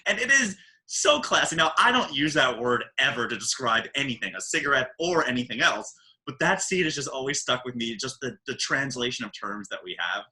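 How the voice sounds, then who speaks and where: A man with a New York accent hosting a podcast in casual, animated, joking chat. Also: mid-range voice, normal speed, poor audio. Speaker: podcast host.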